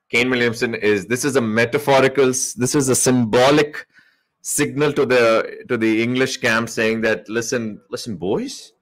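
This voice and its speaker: A man's voice: medium pitch, fairly bright tone. A man giving a live cricket commentary hangout, rambling with joking asides and correcting himself mid-sentence.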